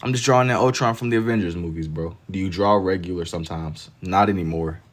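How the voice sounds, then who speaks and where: A man's voice: sits low, quick pace. A man chatting casually on a livestream while he draws, reading out viewer comments in a laid-back, slangy way and laughing easily. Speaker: livestreamer drawing on stream.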